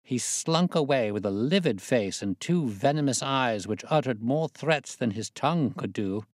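A man narrating a classic story aloud in a steady, measured reading voice. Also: medium pitch, no echo, clean studio sound.

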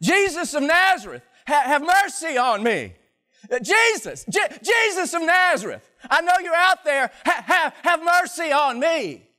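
A man voicing an old blind male beggar who shouts high and strained, stammering as he pleads. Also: big pitch swings, a little slow, full character voice. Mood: desperate pleading.

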